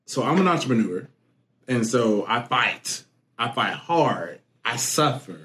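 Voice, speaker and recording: A man's voice: mid-range voice, lively intonation, unhurried, fairly bright tone, roomy sound. A man from the suburbs, hosting a playful, laughing interview in front of a live audience. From Chicago suburbs. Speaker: host.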